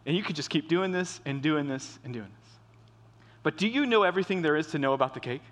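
A pastor preaching a sermon in a casual, conversational way, often restarting and repeating phrases. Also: male voice, fairly high pitch, animated, quick pace, a bit bright. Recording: long hall reverb.

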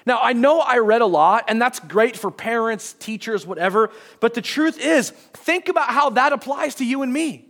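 A man's voice: very high voice, lively intonation, moderate pace, hardly any pauses, fairly bright tone. A male pastor giving a conversational sermon in a church, reading passages aloud and briefly acting out quotes. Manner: conversational, acts out short quotes, many restarts.

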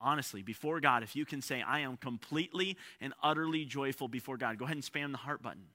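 A male pastor delivers a livestreamed sermon, repeating key lines, asking rhetorical questions and building toward emphatic peaks. He speaks fast in a mid-range voice with a sharp tone, and the audio has a long hall reverb.

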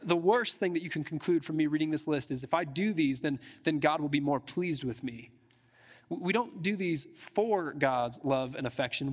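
A man preaching a sermon to his church in a casual, chatty way, with frequent restarts and filler words. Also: high-pitched. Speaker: pastor. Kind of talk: conversational sermon. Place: church sanctuary. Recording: long hall reverb in a church.

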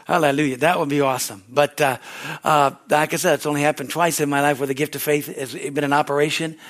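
Man preaching, church service, lively animated storytelling, loud laugh, higher voice. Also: fast talker. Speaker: pastor. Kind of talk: sermon.

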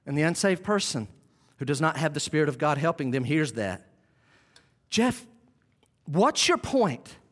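A male pastor preaching a sermon to a congregation, reading scripture slowly and with emphasis. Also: fairly high pitch, lively intonation. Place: church before a live congregation.

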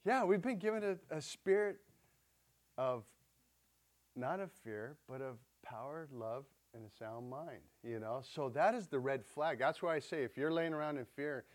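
A male preacher gives a loose, chatty sermon. He talks to his congregation like friends, tosses questions out to them and retells scripture in plain everyday words. His voice sits at a middling pitch. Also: lively intonation, moderate pace. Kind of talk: conversational sermon.

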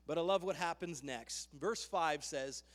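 A man preaching a sermon, fervent and emphatic, with loud rising bursts as he tells the story. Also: on the high side, unhurried. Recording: long hall reverb.

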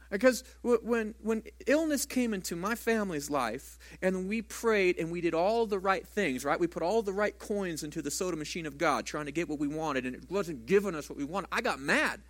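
A male pastor delivers a sermon in a church sanctuary, with a voice that sits a touch higher than most men's. He keeps a conversational preaching manner and throws rhetorical questions out to the congregation. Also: fairly bright tone.

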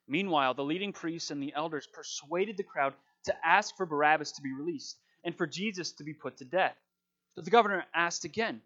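A man with a somewhat high-pitched voice delivers a sermon, first reading scripture with dramatic emphasis. He then moves into relaxed, conversational preaching with everyday fillers. The recording sounds dull and muffled. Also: fairly quick.

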